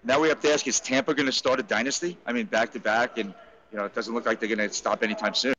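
A man co-hosting a sports talk show, putting quick questions to the guest. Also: mid-range voice, fairly even intonation, bright, forceful tone, poor audio. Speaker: co-host.

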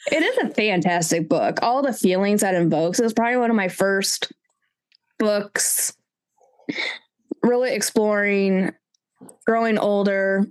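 A woman co-hosting a casual book chat, animated and self-mocking, with sudden pitch jumps when flustered. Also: clear, resonant tone. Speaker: podcast co-host.

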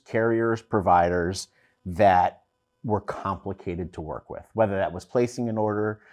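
A man talking casually on a business panel, joking and often restarting his sentences. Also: fairly low pitch. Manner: joking, lively, repeats himself. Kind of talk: panel discussion.

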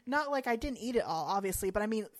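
A woman's voice: fairly high pitch, animated, fast talker, dry recording. Chatty woman with dry close sound. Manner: chatty, laughs often, tells rambling anecdotes. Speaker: podcast co-host. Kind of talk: casual chat.

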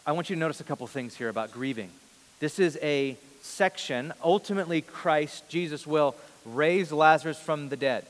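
A man preaching a sermon as a pastor. He reads scripture quietly and grows more intense when he voices questions. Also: on the high side, moderate pace. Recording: long reverb of a large hall.

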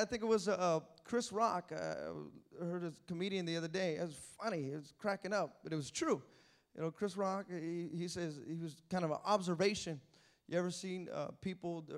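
A man preaching a sermon, swinging from loud exhortation to quiet asides and acting out the voices of churchgoers. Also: high-pitched. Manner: acts out quoted voices of churchgoers. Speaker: pastor.

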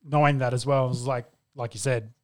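A man's voice: medium pitch, fairly even intonation, fairly quick, darkish tone. A man co-hosting a casual sports chat, easygoing and agreeable. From Australia. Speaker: podcast co-host.

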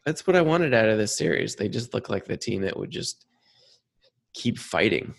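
A man's voice: fairly low pitch, big pitch swings, normal speed, creaky. A man co-hosting a casual sports podcast, chatty and easygoing, often trailing off mid-thought. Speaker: podcast co-host.

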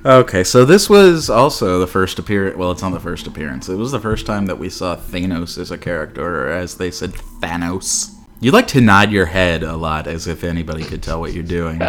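A man's voice: low voice, expressive, fairly quick, few pauses, a little hiss or hum. A man co-hosting a podcast in casual chat, blunt and profane, with plenty of fillers. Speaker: podcast co-host.

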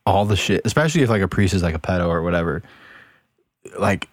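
Low-voiced dude cracking crude jokes on a podcast, dry close mic. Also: male voice, expressive, quick pace, no echo. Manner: crude, joking interjections. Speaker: podcast co-host. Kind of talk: casual chat.

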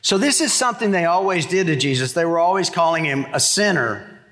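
A middle-aged man preaches with a slightly high voice and a storyteller's flair. He jumps into sudden high shouts when he acts out what people said, then drops back to plain talk. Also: expressive, fairly quick. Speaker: pastor. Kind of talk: sermon.

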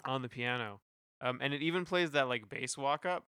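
A man's voice: mid-range voice, normal speed, pushed and bright, smooth, no room sound, clean studio sound. A young man co-hosting a casual music podcast, talking hesitantly with lots of fillers and restarts. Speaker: podcast co-host. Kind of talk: casual chat reviewing music.

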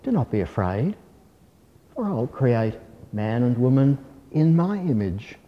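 A man voicing a calm, kindly God who speaks slowly, solemnly and reassuringly in a storybook reading. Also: mid-range voice, lo-fi sound, natural voice. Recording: long hall reverb.

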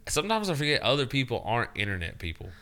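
A man's voice: mid-range voice, big pitch swings, racing, bright, forceful tone. A man co-hosting a casual podcast, rambling and swearing freely as he tells a self-deprecating story. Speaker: podcast co-host. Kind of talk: casual profane chat.

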